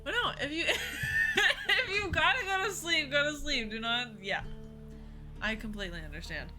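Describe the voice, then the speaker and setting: A young woman chatting casually with viewers during a game live stream, bubbly and quick to laugh. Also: high voice, big pitch swings, bright, forceful tone, faint music behind.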